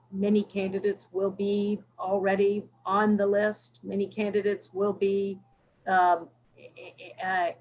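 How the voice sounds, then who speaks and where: A woman board member speaking in a halting way, with frequent restarts and stammers. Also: mid-range voice, a little hiss or hum, low-quality recording. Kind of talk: meeting discussion.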